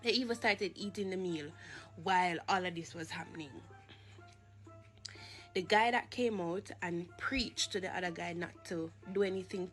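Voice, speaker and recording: A Jamaican woman tells a personal faith testimony in a somewhat low voice. She speaks earnestly and haltingly, with pauses and restarts. Quiet music sits faintly behind her. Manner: earnest, halting, with fillers and repeats.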